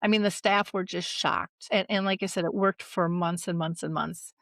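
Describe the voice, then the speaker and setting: A woman's voice: fairly low pitch, steady tone, normal speed, a bit bright, no room sound. A middle-aged woman, a dementia care advocate, earnestly recounting a personal family story with emotion and a few restarts.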